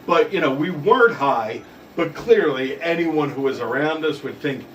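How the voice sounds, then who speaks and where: A man co-hosting a stream who tells stories in casual, animated chat, with a lot of swearing. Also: fairly high pitch, moderate pace. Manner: profane, animated storyteller. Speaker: stream co-host. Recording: echoey room, distant mic, faint noise.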